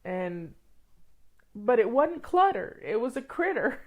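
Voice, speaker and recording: A woman's voice: on the high side, big pitch swings, slow. A woman hosting a casual livestream, reading comments, tearful and sniffly, rambling with many restarts. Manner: rambling, warm, frequent restarts and laughs. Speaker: livestream host.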